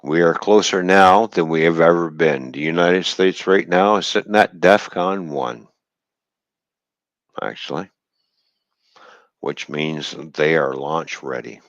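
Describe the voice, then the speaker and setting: A man's voice: a bass voice, a little slow, no echo, lo-fi sound. A man hosting a livestream, ranting in a heated, bitter and profane way. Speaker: livestream host. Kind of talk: angry livestream rant.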